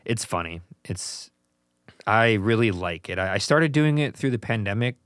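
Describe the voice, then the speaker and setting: A man's voice: fairly low pitch, lively intonation, brisk, fairly bright tone, clean tone, dry recording, clean studio sound. A man hosting a podcast in casual chat, telling rambling stories and laughing easily. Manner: rambling, chatty storyteller who laughs easily. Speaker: podcast host.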